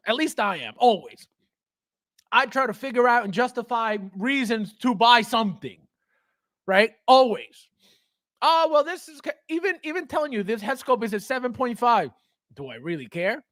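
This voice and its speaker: A man hosting a casual livestream, reading viewer comments and talking straight to his chat, excitable and quick to laugh. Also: very high voice, dry recording, clean studio sound. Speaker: livestream host and toy collector.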